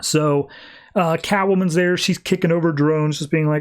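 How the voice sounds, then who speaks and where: A man hosting a podcast, recapping a comic in an animated, casual way. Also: a little high, normal speed, clear, resonant tone. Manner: animated, acts out characters. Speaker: podcast host.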